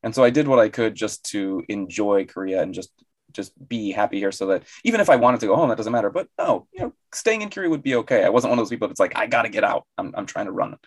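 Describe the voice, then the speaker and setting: A man co-hosts a casual podcast in a lowish voice, talking quickly and thoughtfully. He repeats words as he restarts, and the sound is close and dry. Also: expressive, no room sound.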